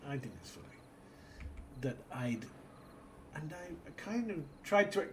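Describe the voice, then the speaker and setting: A man's voice: on the high side, very animated, normal speed, noisy background. A British man hosting a casual let's-play, rambling through an anecdote and muttering to himself as he plays. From Britain. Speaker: gaming channel host.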